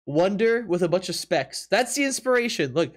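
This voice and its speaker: A man's voice: high voice, very animated, normal speed. A man streaming live from his apartment, chatting casually with viewers, laughing often and reacting in disbelief while teasing his chat.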